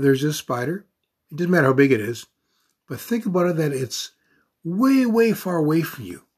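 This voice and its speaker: A man speaks in an earnest, repetitive motivational style, stacking affirmations and stressing key words. His voice is husky and slightly raspy, and his pitch sits in a middle range. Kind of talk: motivational talk.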